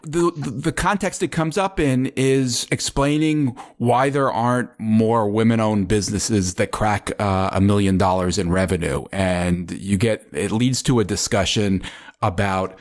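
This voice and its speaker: A man's voice: fairly low pitch, measured pace. A man hosting a business podcast, posing questions thoughtfully with many restarts. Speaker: podcast host. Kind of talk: interview questions.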